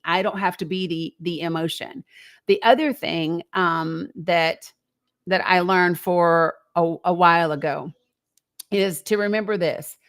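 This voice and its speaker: A woman hosting a live call-in show, talking in a conversational, reflective way and asking her listeners rhetorical questions. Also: medium pitch. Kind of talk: encouraging live-stream talk.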